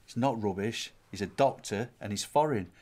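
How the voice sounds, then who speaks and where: A man's voice: fairly low pitch, normal speed, darkish tone, lightly acted. A man playing a vain, dim aspiring actor, earnest and self-important.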